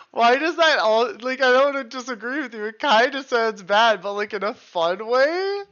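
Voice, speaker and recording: A woman's voice: fairly high pitch, expressive, unhurried, fairly bright tone, dull audio. A woman streaming a video game live, chatting casually with her viewers, reacting aloud and reading on-screen text, and swearing freely.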